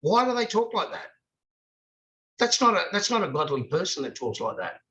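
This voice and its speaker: A man's voice: sits high, big pitch swings, normal speed, bright, forceful tone, poor audio. An older man from Australia, an author speaking passionately and emphatically in an interview, asking rhetorical questions over a video call. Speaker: author guest.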